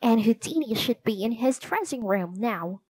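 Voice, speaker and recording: A woman's voice: a little high, animated, normal speed, slightly rough, no echo. A woman voicing an eager, cheerful young girl magician. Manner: bright and eager.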